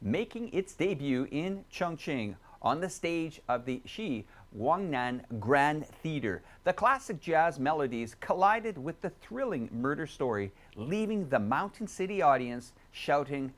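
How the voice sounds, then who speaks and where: A show host narrates a cultural segment with polished presenter delivery. The pitch moves in a lively way from phrase to phrase. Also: unhurried, few pauses.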